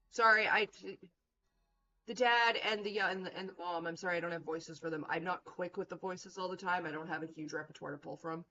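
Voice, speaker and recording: A woman streaming a game, reacting with blunt, profane and animated commentary. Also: lowish voice, brisk, dull audio. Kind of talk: let's play commentary.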